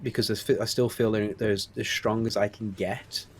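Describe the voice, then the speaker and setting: Man, forties, Stoke-on-Trent accent, slightly low pitch, reflective, hesitant, interview guest. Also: fairly even intonation, moderate pace, breathy edge. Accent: Stoke-on-Trent English. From England. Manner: reflective, hesitant with many restarts and ums. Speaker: screenwriter and producer guest. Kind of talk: candid interview conversation.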